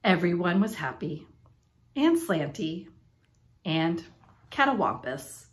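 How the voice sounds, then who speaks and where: A woman with a medium-pitched voice reads a children's picture book aloud at a slow pace. Her storytelling is expressive and playful.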